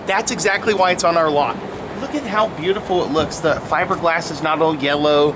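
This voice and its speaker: A man's voice: fairly high pitch, fairly quick, background noise. A man giving an upbeat, folksy sales walkaround of a motorhome on a sales lot.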